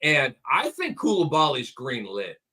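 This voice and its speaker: A man co-hosting a casual sports podcast, excitedly rattling off stat lines. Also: medium pitch, a little slow, husky. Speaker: co-host. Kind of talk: casual fantasy basketball podcast chat.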